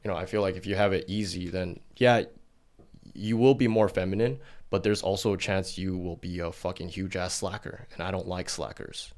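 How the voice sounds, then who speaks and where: A man's voice: deep voice, steady tone, a little fast, a little mellow. A man hosting a casual podcast interview, blunt and profane, challenging his guest. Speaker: podcast host.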